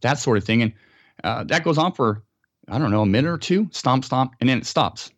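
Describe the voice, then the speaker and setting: A man's voice: medium pitch, expressive, a little fast, no echo. An American man, a podcast guest, telling a story in a casual interview and acting out sounds and quotes.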